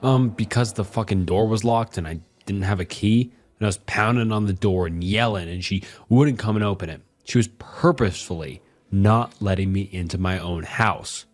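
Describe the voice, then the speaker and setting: A man's voice: on the low side, moderate pace, few pauses, lightly acted. A man voicing a drunk, violent, self-pitying husband who rambles and swears crudely through a horror story. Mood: bitter, rambling.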